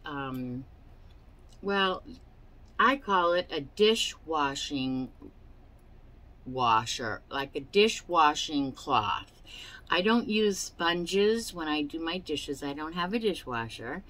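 Lady crafter chatting slow about her finds at home, lowish voice, rambly with lots of ums and a case of the hiccups. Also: big pitch swings, bright, forceful tone, poor audio. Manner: chatty and rambling, with fillers and asides. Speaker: crafting channel host. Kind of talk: casual product show-and-tell.

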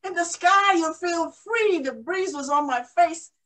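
A woman's voice: very high-pitched, unhurried, fairly bright tone, distant mic, pitched above the performer's own voice, low-quality recording. A woman playing a proud, emotional young woman aviator in a first-person living-history monologue. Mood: jubilant. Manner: exclaiming, breathless with joy. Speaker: historical portrayal performer.

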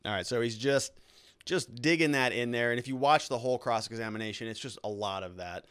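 A man's voice: mid-range voice, fairly quick, a bit bright, smooth. A man hosting a show, giving casual legal commentary on courtroom testimony and explaining it step by step. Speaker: lawyer hosting a trial analysis show.

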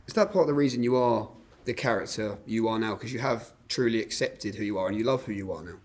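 A man's voice: lowish voice, fast. A man interviewing a boxer, asking long leading questions.

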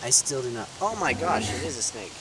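A man's voice: medium pitch, expressive, brisk. A young man vlogging casually outdoors on a nature trail, joking and teasing. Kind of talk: casual vlog chat. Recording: loud outdoor background noise.

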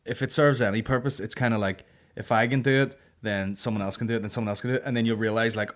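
Sweary Northern Irish man, animated banter. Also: lowish voice, fast, hardly any pauses. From Northern Ireland. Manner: sweary, animated, mimics voices mid-story. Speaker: podcast host. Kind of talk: casual comedy podcast banter.

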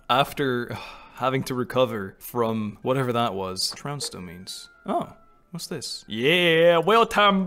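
A man giving excited, casual commentary while playing a video game, often laughing and exclaiming. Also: mid-range voice. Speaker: gaming video creator.

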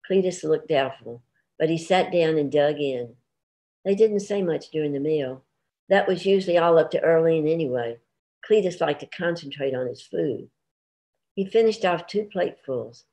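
A woman, a writer, reading her own short story aloud in an unhurried way. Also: deep voice, lively intonation, warm tone. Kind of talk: literary reading.

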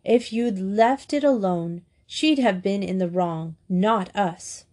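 Eine Frau als scharfzüngiges, vernünftiges Schulmädchen. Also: female voice, mid-range voice, slow pace, a little mellow. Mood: scolding. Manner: heated, scolding. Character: sensible, sharp-tongued English schoolgirl.

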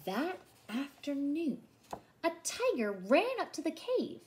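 A woman childcare teacher reading a picture book aloud to young children in an expressive storytelling voice. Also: sits high, slow pace, slight background noise.

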